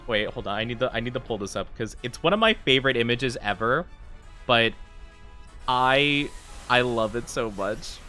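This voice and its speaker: A man casually talking to his viewers while he plays a game, rambling and full of fillers. His voice is bright and forward, at an ordinary pitch. Faint music plays underneath. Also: expressive, moderate pace. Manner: rambling and chatty, with lots of fillers. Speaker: livestreamer.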